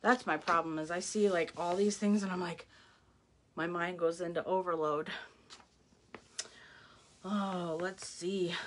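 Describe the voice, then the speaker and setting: A woman's voice: on the low side, steady tone, unhurried, pauses often, fairly bright tone, a little hiss or hum. A middle-aged woman casually walking viewers through craft products, gushing and exclaiming as she goes. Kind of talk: casual live product walkthrough.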